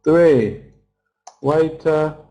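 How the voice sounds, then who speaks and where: A man teaching pronunciation online, with a voice pitched a little higher than most men's. He talks very slowly and patiently, saying each word twice and counting out its syllables. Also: warm tone, faint music behind, rough recording. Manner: patient, explains the stressed vowel sound step by step. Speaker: English teacher.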